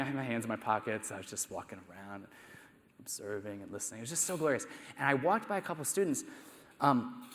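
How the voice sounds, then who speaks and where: A man, a math teacher, giving a conversational conference talk full of rhetorical questions and self-deprecating asides. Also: medium pitch. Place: conference hall. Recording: echoey hall.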